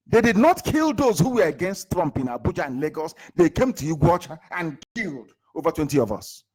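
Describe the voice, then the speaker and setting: A man's voice: very animated, a little fast, husky. Fiery Nigerian man rallying listeners. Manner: emphatic, fires rhetorical questions at listeners; shifts abruptly between loud bursts and low asides. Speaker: movement leader. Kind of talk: impassioned live political address.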